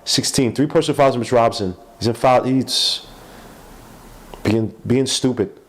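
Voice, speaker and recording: A man's voice: medium pitch, normal speed. A man with a stuffy nose, hosting a podcast and giving loose, rambling live play-by-play with asides. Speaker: podcast host. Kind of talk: casual live game commentary.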